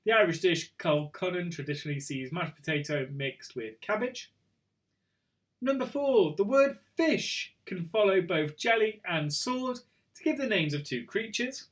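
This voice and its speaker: A man's voice: sits high, animated, unhurried, a bit bright. Chatty man hosting a quiz. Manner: chatty, self-mocking, trips over words. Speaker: quiz host. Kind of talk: casual live quiz hosting.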